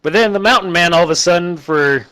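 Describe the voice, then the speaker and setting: A man recapping a terrible movie in a casual, rambling, deadpan way, quickly putting on the characters' voices. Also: high-pitched. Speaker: host recapping a bad movie.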